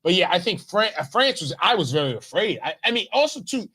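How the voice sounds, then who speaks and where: A man co-hosting a comedic news talk show, rambling and halting with many restarts. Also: high-pitched, sing-song, bright, forceful tone, breathy edge. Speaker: co-host. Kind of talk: casual comedic news chat.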